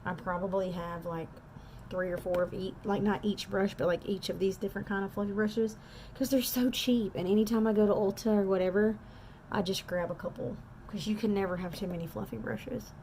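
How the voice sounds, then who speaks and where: A woman's voice: medium pitch, fairly even intonation, a little fast, mellow, a little hiss or hum. Chatty woman doing makeup. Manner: chatty, self-deprecating, talks straight to viewers. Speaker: makeup artist. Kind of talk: casual makeup tutorial chat. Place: home.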